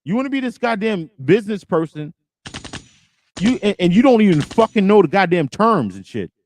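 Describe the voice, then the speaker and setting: A man's voice: high-pitched, sing-song, normal speed, darkish tone, a little hiss or hum. A middle-aged man hosting a podcast, ranting and swearing heavily as he reacts to a clip. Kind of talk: heated reaction commentary.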